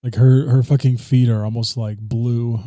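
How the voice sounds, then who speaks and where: A man's voice: medium pitch, flat delivery, moderate pace, mellow, no echo, clean studio sound. A man co-hosting a casual film review podcast, talking loosely, swearing freely and laughing often. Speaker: podcast co-host.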